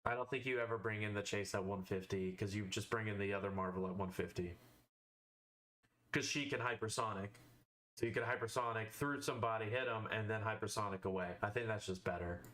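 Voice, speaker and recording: A man streaming live, casually thinking aloud as he weighs game cards, with fillers and quick verdicts. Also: lowish voice, pushed and bright.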